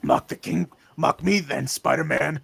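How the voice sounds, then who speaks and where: A man voicing a gruff scheming crime boss villain with a New York accent, reading a comic aloud. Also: fairly high pitch, unhurried, fairly bright tone, voice pushed down, full character voice. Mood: menacing.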